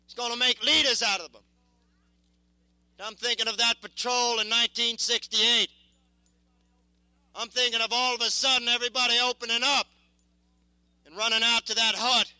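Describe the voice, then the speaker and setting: A young man in his twenties, a war veteran, giving impassioned spoken testimony in an intense, halting, repetitive way. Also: very high-pitched, flat delivery, pushed and bright, clear, resonant tone, dry recording, rough recording.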